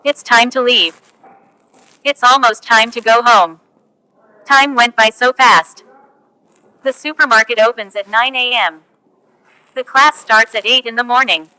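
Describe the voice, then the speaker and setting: A woman reading English example phrases one at a time for learners, slow and careful. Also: on the high side, bright, forceful tone, no room sound, rough recording. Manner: slow, careful, each phrase spoken on its own. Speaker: English teacher.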